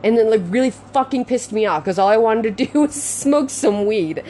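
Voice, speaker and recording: A woman's voice: on the high side, animated, normal speed, warm tone, a little hiss or hum. A young woman venting to her audience in an unscripted confessional talk, rambling and frustrated, swearing often and filling with "like".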